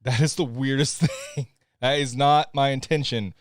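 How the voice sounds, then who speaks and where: Fixing tech on his live podcast stream, a man with a Southern accent keeps chatting, apologizing and laughing a lot. He speaks a little slowly at medium pitch in a steady tone, with studio-quality sound and no echo.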